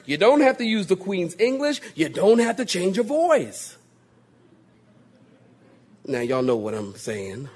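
A male pastor preaching a sermon, joking and mimicking pompous prayer voices, husky in tone. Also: high-pitched, darkish tone.

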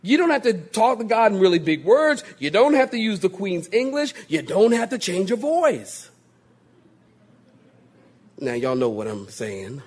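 A man's voice: high-pitched, unhurried, slightly rough. A male pastor preaching a sermon, joking and slipping into mock voices to make his point. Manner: humorous, animated, mimics voices for laughs.

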